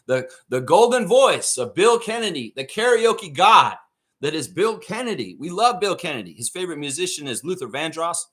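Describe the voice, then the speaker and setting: A man's voice: medium pitch, pushed and bright. A man hosting a sports fan show who rants in a blunt, profane, heated way. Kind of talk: ranting sports commentary.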